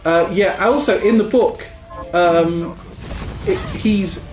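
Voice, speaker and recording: Bloke rambling over a game, echoey room, music on. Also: male voice, sits high, a little mellow. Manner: rambling, halting storytelling. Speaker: co-host. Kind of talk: casual gaming chat. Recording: roomy sound with music behind.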